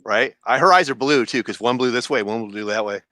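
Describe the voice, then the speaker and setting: A man's voice: medium pitch, a little fast, bright, forceful tone, no room sound. A man joking and rambling in a casual online group voice chat. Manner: joking, rambling, puts on accents. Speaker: chat room participant.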